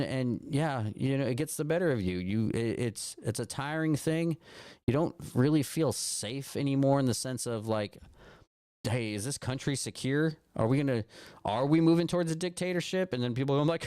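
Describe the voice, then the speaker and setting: A man's voice: fairly high pitch, lively intonation, moderate pace, a little mellow, smooth, dry recording, clean studio sound. Rambling, swearing man on a livestream. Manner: rambling, swears often, restarts and fillers. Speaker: live stream host. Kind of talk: casual political rant on a phone livestream. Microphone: phone.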